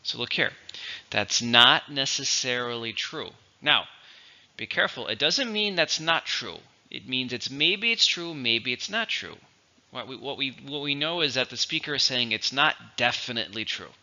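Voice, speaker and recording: A man teaching English vocabulary, explaining words slowly and clearly in a teacherly way. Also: mid-range voice, lively intonation, bright, forceful tone, dull audio. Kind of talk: vocabulary lesson.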